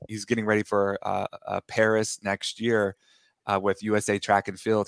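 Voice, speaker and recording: A man in his thirties talks as a guest, telling his story in a loose, rambling way. His voice sits low with little rise and fall. The sound is dry and close, with no room around it. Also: clean tone, no echo. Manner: rambling, self-correcting, laughs while telling stories. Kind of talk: casual interview storytelling.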